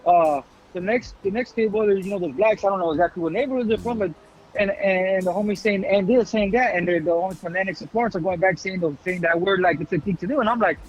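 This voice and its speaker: A man in his forties telling stories fast in a casual interview, heavy on street slang and swearing. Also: high voice, muffled recording, a little hiss or hum. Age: 40s. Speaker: guest.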